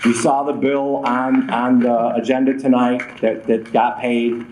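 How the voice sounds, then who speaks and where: A man giving public reminders at a city council meeting, casual and a bit self-deprecating. His voice sits at an ordinary pitch. It carries the echo of a roomy council chamber. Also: little pitch movement, a little slow, a little mellow, slight background noise. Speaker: city ordinance department official.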